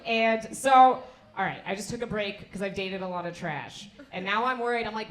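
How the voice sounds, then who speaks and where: A young woman from the United States doing a stand-up set, telling stories in an animated, self-mocking way. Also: mid-range voice, moderate pace, reverberant. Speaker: stand-up comedian.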